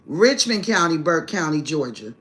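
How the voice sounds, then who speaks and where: A woman's voice: low voice, big pitch swings, normal speed, a bit bright. A woman hosting a live stream, telling a family story in casual, brash and profane language, laughing heartily and calling her listeners "baby".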